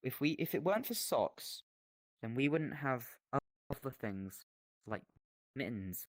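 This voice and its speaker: A man's voice: mid-range voice, a little slow, no room sound. A young man rambling through an absurd mock lecture in a VR chat, on a headset mic. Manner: rambling, absurd, deadpan silliness.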